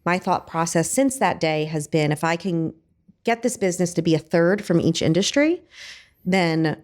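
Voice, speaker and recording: A chatty woman with a fairly low voice, guesting on an interview show. She talks casually about her work, leaning on filler words as she goes. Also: animated, normal speed, darkish tone. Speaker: podcast guest, business owner.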